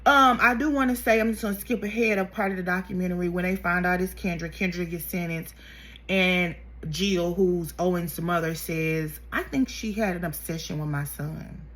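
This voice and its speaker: A woman giving a sassy, animated commentary on a documentary in casual speech. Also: fairly low pitch, moderate pace. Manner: animated, sassy, frequent outbursts. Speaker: YouTube commentator.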